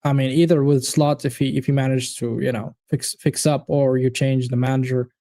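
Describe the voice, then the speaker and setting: A man hosts a live football watchalong, chatting casually and animatedly with viewers, cursing and addressing them by name. His voice is mellow and medium-pitched with a level tone and moderate pace, recorded in studio quality without echo.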